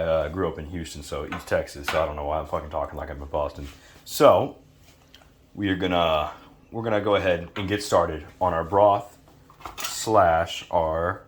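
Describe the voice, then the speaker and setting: Low-voiced man cooking over a sizzling pan. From Louisiana, USA. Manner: laid-back, profane, joking asides. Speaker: home cook. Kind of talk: casual cooking tutorial. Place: home kitchen. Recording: noisy kitchen with frying sizzle. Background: food sizzling in a pan.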